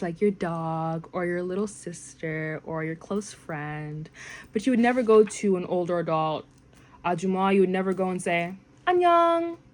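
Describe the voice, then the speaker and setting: Chatty young woman teaching phrases. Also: on the low side. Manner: chatty, rambling, filler-heavy, animated when quoting phrases. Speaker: language learning vlogger. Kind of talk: casual language lesson.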